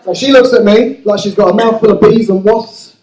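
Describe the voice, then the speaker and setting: A man with a high voice doing stand-up comedy, telling stories with crude, self-mocking punchlines. The sound is echoey and a bit distant, as if it were caught from across a club room. He tells it with an easy storyteller's rhythm. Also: fairly even intonation, fairly quick, noisy background. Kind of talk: stand-up routine.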